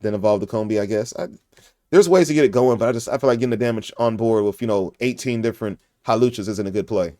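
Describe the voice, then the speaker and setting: A man's voice: fairly low pitch, fast, warm tone, dry recording, studio quality. A man hosting a casual podcast over an online call, joking around in a goofy way and laughing often. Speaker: podcast host.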